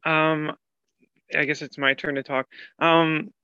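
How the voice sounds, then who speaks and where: A man's voice: on the high side, flat delivery, slow, bright, forceful tone, slight background noise. A man from Canada speaking as a panelist, anxious and hesitant, rambling a little as he talks. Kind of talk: panel discussion. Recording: dull lo-fi sound.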